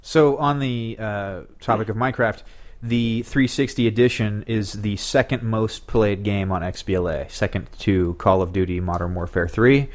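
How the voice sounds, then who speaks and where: A man's voice: lowish voice, normal speed. A man co-hosting a podcast, upbeat as he asks questions and reads off facts. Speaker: co-host. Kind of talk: casual podcast banter.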